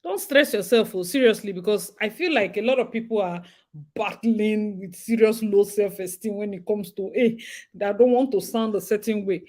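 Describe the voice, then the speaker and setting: A young Nigerian woman from Rivers State, speaking with her local accent as she hosts a casual live chat, animated, laughing often and slipping into pidgin. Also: medium pitch, moderate pace. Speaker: host.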